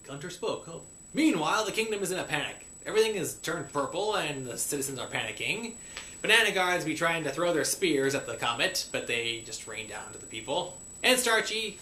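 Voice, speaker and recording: A man recapping a cartoon episode in a playful pirate persona, saying "be" for "is" and slipping into quick voices for the characters. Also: on the high side, lively intonation, bright, forceful tone. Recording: echoey room with faint hiss.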